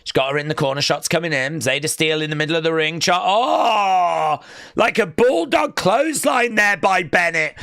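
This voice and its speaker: A young man hosting a live wrestling watch-along, calling the action and chatting with viewers, often shouting at big moves. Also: fairly high pitch, normal speed, creaky, no echo, studio quality.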